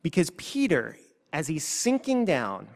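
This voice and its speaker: A man preaching a sermon as a pastor, earnest, moving between hushed and forceful passages. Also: on the high side, huge pitch swings, measured pace, creaky. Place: church sanctuary. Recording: long reverb of a church hall.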